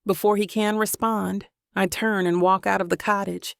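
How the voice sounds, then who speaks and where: A woman narrating a first-person romance audiobook in a calm, even storytelling manner. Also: mid-range voice, normal speed, creaky, no echo, studio quality.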